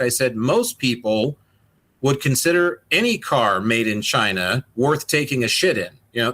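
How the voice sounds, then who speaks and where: A man's voice: mid-range voice, fairly bright tone. A man co-hosting a casual podcast, rambling and swearing through exasperated rants. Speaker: podcast co-host.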